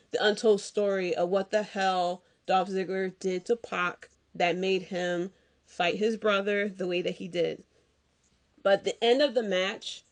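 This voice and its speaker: A woman hosting a casual podcast, talking slowly and unhurriedly. She rambles in a loose, slangy way, full of fillers and excited asides. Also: mid-range voice. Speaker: podcast host. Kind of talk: casual wrestling recap chat.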